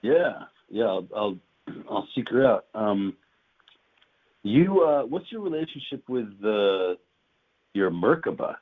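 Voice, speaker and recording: A man hosting a casual chat, telling stories in an animated way with lots of laughing and swearing. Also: on the low side, slow. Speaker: podcast host. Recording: tinny phone-like, dry sound.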